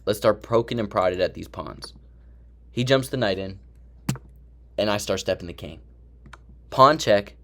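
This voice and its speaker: A young man with a fairly low voice walks through his chess game move by move. His commentary is excited and chatty, and he talks to himself as he plays. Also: unhurried, pauses often. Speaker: chess streamer.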